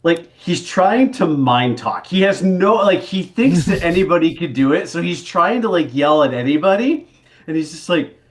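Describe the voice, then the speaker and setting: A man playing in a tabletop game, describing his character in a halting way. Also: on the high side, expressive. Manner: halting, full of "like". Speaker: player. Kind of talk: casual tabletop play narration.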